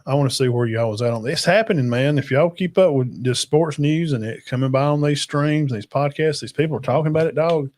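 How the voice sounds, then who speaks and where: A man's voice: fairly high pitch, a little fast, few pauses, darkish tone. A man holds forth on a casual sports livestream. He rambles, circles back, and leans hard on his points while talking straight to his chat and guests. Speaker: podcast host.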